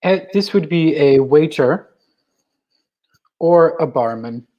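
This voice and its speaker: A woman co-presenting an online English lesson, calm, giving short answers and searching for words. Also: low voice, slow pace, dull audio.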